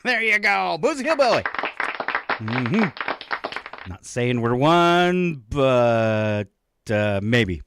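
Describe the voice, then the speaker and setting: A man's voice: mid-range voice, big pitch swings, very slow, long pauses, crowd noise, noisy background. A man co-hosting a radio morning show, joking around, laughing often and stumbling over fillers as he chats with his co-host. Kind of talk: casual radio banter. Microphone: studio microphone.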